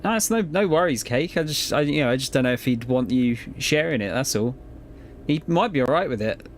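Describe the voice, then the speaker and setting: With an expressive mid-range voice and a fairly quick delivery, a man rambles to his audience while streaming a game. He's easygoing, swears frequently and laughs often, and there's a little background noise.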